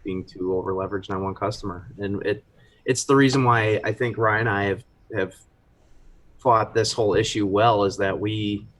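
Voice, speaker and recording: Flat-voiced man chatting casually. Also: on the low side, normal speed. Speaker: brewery co-owner. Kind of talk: casual live chat.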